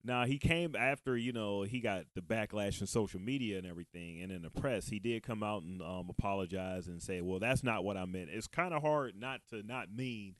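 A man's voice: fairly low pitch, brisk, few pauses, dry recording. A man hosting a podcast in casual chat, rambling with many fillers and laughing often. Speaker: podcast host.

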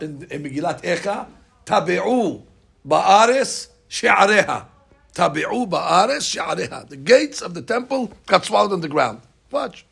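A man teaching a religious class to women, telling stories animatedly with many fillers. His voice sits high, with a gravelly, husky grain. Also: fairly bright tone.

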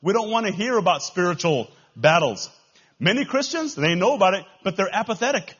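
A man with a Texan accent preaching a sermon as pastor, swinging between loud rises and quiet drops. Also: high voice, very animated, brisk, husky, muffled recording. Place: church.

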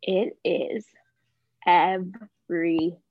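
A woman's voice: fairly low pitch, fairly even intonation, extremely slow, dry recording. Blunt woman on a dull, dry mic. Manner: blunt, swears freely. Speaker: podcast co-host. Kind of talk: casual chat recapping a TV episode.

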